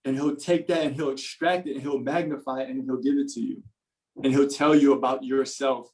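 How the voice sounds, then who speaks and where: An earnest man telling a personal story on a podcast. He repeats himself and circles back with fillers while building up the tale. His voice sits at a middle pitch. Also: steady tone, a little fast, darkish tone, low-quality recording. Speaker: podcast guest. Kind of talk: personal testimony in conversation.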